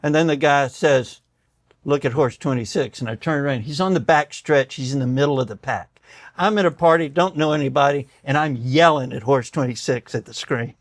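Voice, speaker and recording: Speaking briskly at medium pitch, this older man is a doctor and guest spinning stories in conversation. He performs the quoted voices with lively energy and gets teary at points. Clean studio sound with no echo.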